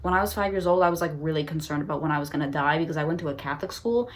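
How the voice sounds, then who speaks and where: A twentysomething woman vlogs to her phone on a tripod at home, her low voice coming out in rapid-fire bursts. She rambles casually, dropping "like" constantly and tossing in sarcastic, profane asides.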